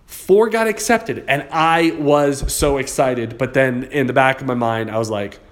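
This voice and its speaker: A man's voice: medium pitch, fairly even intonation, normal speed. Man telling a motivational story. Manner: conversational, repeats words as he goes. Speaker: real estate investor and public speaker.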